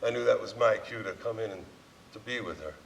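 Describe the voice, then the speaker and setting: A man's voice: on the low side, a little fast, vocal fry. A man performing a heartfelt personal monologue on a theater stage, telling his story with frequent chuckles. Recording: distant stage recording, faint ambience.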